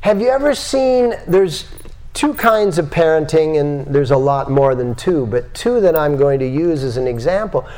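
A man's voice: on the high side, animated, moderate pace, warm tone. A man giving a spiritual lecture to a live audience, asking many rhetorical questions.

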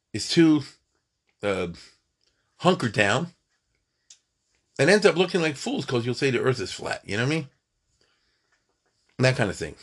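Animated man lecturing with rhetorical questions. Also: mid-range voice. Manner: conversational, rhetorical questions, frequent checks like "you see what I'm saying?". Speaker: lecturer on Jewish thought. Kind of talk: informal lecture.

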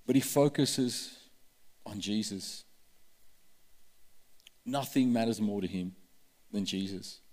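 A man's voice: fairly low pitch, slow pace, pauses often, a little mellow. A man preaching a sermon with passion, acting out the voices he quotes. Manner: impassioned, acts out quoted voices. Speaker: pastor. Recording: long hall reverb.

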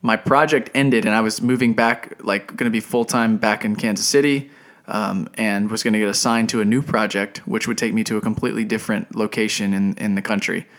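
A man's voice: lowish voice, a little fast. A young man, a podcast co-host, telling a personal story in casual chat and acting out the people he quotes. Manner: animated, acts out quoted people.

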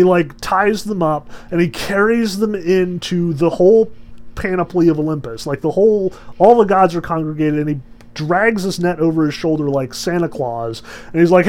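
Casual, rambling male lecturer. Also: a little high. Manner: casual, rambling with many fillers.

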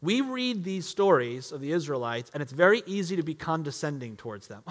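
A man preaching a sermon as a pastor, emphatic, swinging between loud outbursts and hushed, quiet lines. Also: fairly high pitch, very animated, brisk, hardly any pauses. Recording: long reverb of a large hall.

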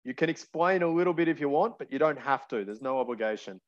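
A man's voice: a little high, animated. Easygoing male podcast host, slightly dull sound. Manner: easygoing, joking, quick agreeing interjections. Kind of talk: casual podcast chat.

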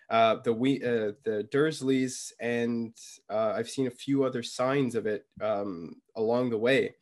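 A young man loosely retells a chapter for a podcast, tossing in fillers and little quoted asides as he goes. His voice sits at an everyday middle pitch for a man. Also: fairly even intonation, moderate pace. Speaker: podcast co-host. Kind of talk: casual chapter recap.

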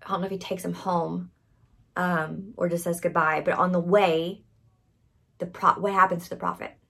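A married woman preaching a sermon, telling a story with frequent "okay?" check-ins and dramatic swings from whispers to loud emphasis. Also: lowish voice, little pitch movement, moderate pace, gravelly.

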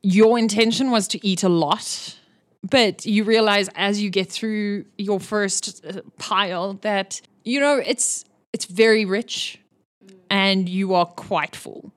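A woman's voice: mid-range voice, takes it slowly. A woman running a tabletop game as game master, describing scenes with many fillers.

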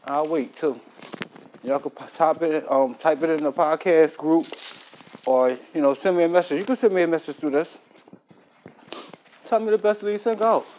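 A man's voice: fairly high pitch, normal speed, pauses often, darkish tone, a little hiss or hum, rough recording. A man hosting his own podcast in a casual, slangy and boastful monologue, recording while he works. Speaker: podcast host.

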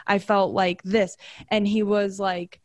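A woman's voice: mid-range voice, little pitch movement, slow, dry recording. A woman candidly sharing a personal story in casual conversation, chatty and full of fillers.

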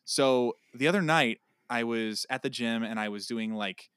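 Guy on a podcast telling gym and work stories, gets loud and worked up, dry close mic sound. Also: mid-range voice, moderate pace, smooth, dry recording. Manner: animated storyteller, gets loud when riled. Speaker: podcast co-host. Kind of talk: casual chat.

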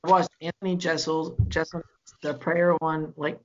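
A man's voice: a little high, muffled recording. A man co-hosting a casual comedy podcast, telling profane stories and acting out the people in them. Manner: animated storyteller, acts out people in quick voices, profane.

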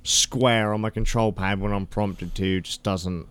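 A man's voice: fairly low pitch, measured pace, smooth. A man, co-hosting a podcast and talking bluntly about video games. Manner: relaxed, blunt gamer talk with swearing. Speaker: podcast co-host. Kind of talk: casual chat.

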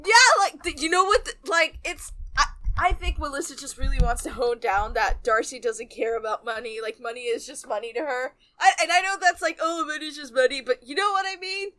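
A woman's voice: high voice, fairly quick, hardly any pauses, sharp tone. A woman co-hosting a casual book podcast, ranting with exasperation about the story. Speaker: podcast co-host. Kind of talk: casual book-club chat.

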